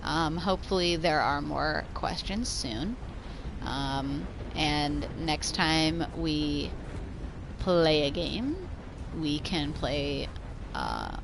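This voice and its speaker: Gravelly, slow-talking woman streamer. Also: low voice, expressive, background noise. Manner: rambling, swears freely, laughs often. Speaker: livestreamer. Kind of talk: casual gaming livestream chat.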